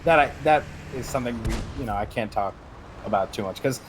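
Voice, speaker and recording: A man's voice: mid-range voice, fairly quick, a little hiss or hum. Rambling male streamer in chat. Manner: rambling, many restarts and fillers. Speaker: guest streamer. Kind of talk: casual gaming chat.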